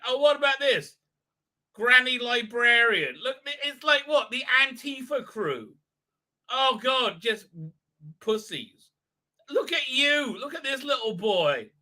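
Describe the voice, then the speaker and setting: A man's voice: sits high, pushed and bright. A man hosting a live stream, rambling through a show in a mocking tone and slipping into silly voices. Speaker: show host.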